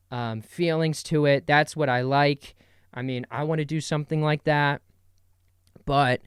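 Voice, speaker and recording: A young man hosting his own podcast, rambling casually and animatedly, often slipping into quick impressions of people. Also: on the high side, clear, resonant tone, no echo, studio quality. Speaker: podcast host. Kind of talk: casual solo podcast monologue.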